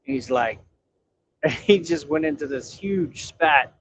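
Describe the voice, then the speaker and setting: A man's voice: on the high side, takes it slowly, fairly bright tone, a little hiss or hum. A man driving a truck and chatting casually on a livestream, profane, laughing and telling stories. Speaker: truck driver.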